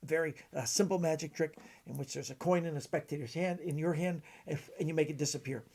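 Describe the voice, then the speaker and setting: A middle-aged man from Canada, telling stories in a halting way with many fillers. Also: a little high, steady tone, vocal fry, a little mellow. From British Columbia, Canada. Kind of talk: casual storytelling.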